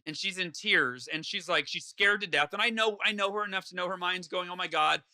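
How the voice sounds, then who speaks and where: Guy guest on an interview, high voice, super bright and forceful, earnest. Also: brisk. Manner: earnest, acts out his own inner voice. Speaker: guest author. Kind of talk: conversational interview.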